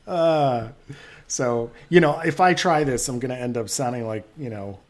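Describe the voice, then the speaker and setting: A man co-hosting a podcast in relaxed casual chat, laughing along and trailing off into fillers. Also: medium pitch, moderate pace. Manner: easygoing, laughs often, hesitant fillers. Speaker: podcast co-host.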